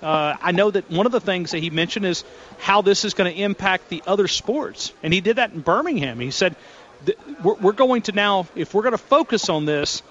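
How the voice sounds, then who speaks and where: A man's voice: high voice, fairly bright tone, muffled recording. A man calling into a sports radio show as a reporter, chatty and rambling with frequent restarts.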